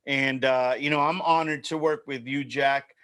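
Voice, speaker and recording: A man's voice: medium pitch, fairly even intonation, normal speed, a bit bright. A man hosting a casual chat show, upbeat and chummy, often saying "man" and "you know". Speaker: show host.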